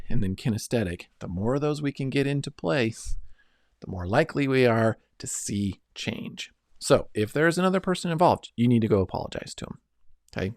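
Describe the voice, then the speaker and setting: A middle-aged man with a medium-pitched, slightly mellow voice delivers an earnest self-help lesson, recorded cleanly in a studio with no echo. He coaches listeners step by step and keeps checking in with "right?" and "okay?" as he instructs.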